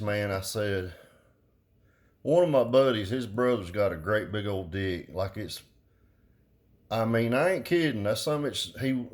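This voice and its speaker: A middle-aged man, ranting casually and bluntly with crude slang. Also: lowish voice. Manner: profane, blunt, drawling southern slang. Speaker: car audio vlogger. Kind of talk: casual rambling rant.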